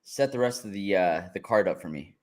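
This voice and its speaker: Laid-back man breaking down fights. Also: low-pitched. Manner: relaxed, laughing, drawn-out play-by-play. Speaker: co-host. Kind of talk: casual fight reaction chat.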